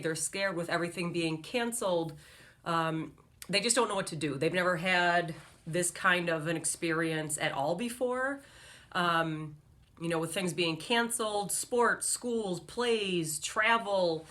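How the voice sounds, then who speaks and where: Her voice is lowish, bright, and forceful as she talks directly to the camera in her motivational video blog. This host and motivational speaker stays upbeat and earnest, coaching the people watching.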